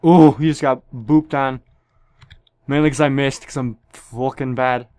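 A man's voice: medium pitch, steady tone, unhurried, darkish tone, clear, resonant tone, dry recording. A young man giving profane, joking commentary on a shooter game, with sudden yelps. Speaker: gameplay commentator. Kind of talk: casual gameplay commentary.

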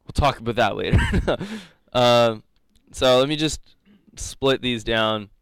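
A man's voice: medium pitch, slow pace, fairly bright tone, clear, resonant tone, dry recording. A young man teaching a live coding lecture, rambling and joking, laughing often. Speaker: coding instructor.

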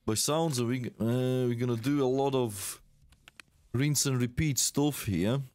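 A man's voice: mid-range voice, unhurried, darkish tone, faint music behind. A man, chatting casually with viewers while streaming a shooter game, exclaiming and laughing. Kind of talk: casual live-stream gaming chat.

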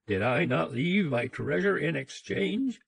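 A man playing a cruel, greedy old man who speaks harshly and gives orders, loud and slow. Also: on the high side, animated, creaky, husky, no room sound, voice pushed up, exaggerated voice. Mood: harsh demanding. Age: older. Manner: harsh, commanding.

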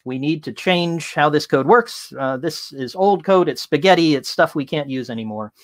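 A man giving an interactive talk from home as a tech consultant, casual and full of fillers, telling lively stories. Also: fairly high pitch, moderate pace, no room sound.

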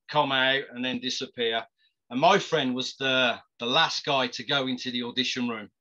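A man's voice: medium pitch, moderate pace, bright, forceful tone, highs cut off. A man, an actor, casually telling stories with frequent laughs and stumbling restarts. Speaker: actor guest. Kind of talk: casual storytelling.

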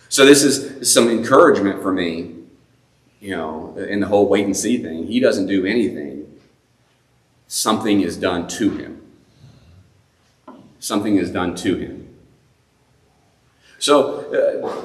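A man's voice: on the low side, darkish tone. Chatty man preaching in an echoey church. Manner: conversational, self-deprecating, many fillers and restarts. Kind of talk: sermon. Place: church sanctuary.

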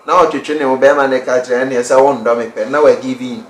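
A man on a discussion panel who talks haltingly, repeating himself as he searches for words. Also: mid-range voice, fairly even intonation. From Ghana. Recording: echoey room with faint noise.

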